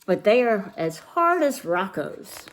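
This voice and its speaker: A woman's voice: medium pitch, very animated, slow. A woman voicing a gang of small, rowdy Chihuahua dogs who talk in a cheeky, sing-song way.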